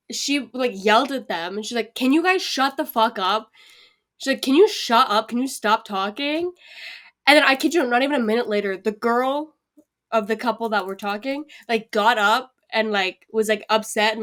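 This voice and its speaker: A young woman co-hosting a podcast, telling a story in an animated, casual way with plenty of swearing. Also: on the high side. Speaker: podcast co-host. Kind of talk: casual chat.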